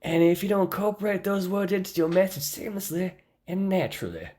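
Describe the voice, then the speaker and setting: A woman voicing a preachy male commenter in a put-on Southern drawl, mocking and slow. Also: lowish voice, mellow, pitched above the performer's own voice, natural voice. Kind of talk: mock reading of a comment.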